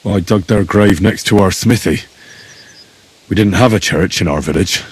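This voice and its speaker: A man's voice: low-pitched, normal speed, husky, low-quality recording. An actor playing an earnest young man in a video game who keeps asking questions. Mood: curious. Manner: inquisitive, earnest.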